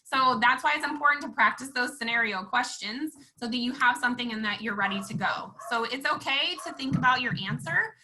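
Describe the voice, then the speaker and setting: Casting note: a chatty, upbeat woman instructor with a bright, forward tone and a fairly high voice. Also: brisk, hardly any pauses, rough recording. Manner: chatty and upbeat, acts out quoted lines. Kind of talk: casual teaching chat.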